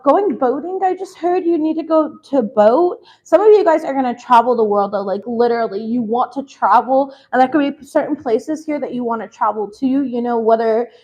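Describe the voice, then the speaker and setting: A woman's voice: high-pitched, a little mellow, highs cut off. A woman chatting casually as she gives a tarot reading, peppered with "like" and "you know". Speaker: tarot reader.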